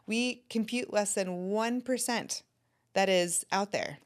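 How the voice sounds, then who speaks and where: A woman life coach and podcast host, teaching in an animated, conversational way and speaking straight to the listener. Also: mid-range voice, slow, clean tone.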